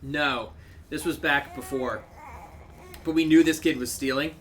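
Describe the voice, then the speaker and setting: A man co-hosting a game stream, telling stories animatedly and acting out the people in them loudly. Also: medium pitch, unhurried. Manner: animated anecdote teller who acts out people loudly. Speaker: streamer co-host. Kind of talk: casual chat while streaming a game.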